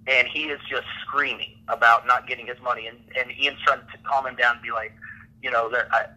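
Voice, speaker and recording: A man's voice: mid-range voice, little pitch movement, fairly quick, bright, forceful tone, rough recording. A man casually telling a rambling backstage story on a podcast, often laughing between lines.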